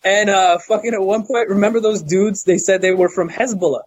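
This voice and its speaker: A man's voice: sits high, brisk. A man co-hosting a podcast, telling rambling, profane stories in casual banter. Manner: rambling, profane, animated storytelling. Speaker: podcast co-host.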